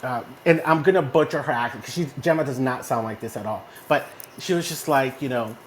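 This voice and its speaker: Animated male storyteller with a mid-range voice. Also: medium pitch, a little fast, a little hiss or hum. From Texas, US. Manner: animated storyteller who often checks in with "right?". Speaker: co-host. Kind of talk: casual motivational chat. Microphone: phone in a social audio room.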